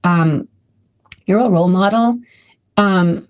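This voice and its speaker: A woman's voice: on the low side, takes it slowly, a little mellow. A woman hosting her own podcast, talking casually and emotionally with many restarts. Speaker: podcast host. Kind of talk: casual solo podcast talk.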